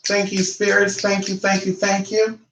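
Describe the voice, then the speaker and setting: A man's voice: high voice, completely flat delivery, normal speed, a bit bright, a little hiss or hum. A man hosting a live-stream ritual tutorial, flamboyant and sassy, calling everyone honey and chatting back to his viewers. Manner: chatty, answers viewer comments. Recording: echoey room.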